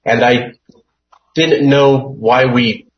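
A man's voice: medium pitch, steady tone, very slow. A man leading a Bible study, reading scripture aloud and explaining it word by word in a hesitant way with many fillers. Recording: dull lo-fi recording.

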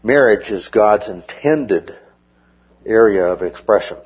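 Measured, husky-voiced male Bible teacher. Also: on the low side, lively intonation, dull audio. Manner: measured, explanatory, checks in with "okay?". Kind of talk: verse-by-verse Bible study lesson.

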